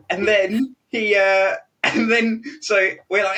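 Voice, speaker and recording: A young British man, a podcast host, telling an animated story in casual chat, laughing often and restarting his sentences. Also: on the high side, moderate pace, hardly any pauses, recorded from a distance. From Britain.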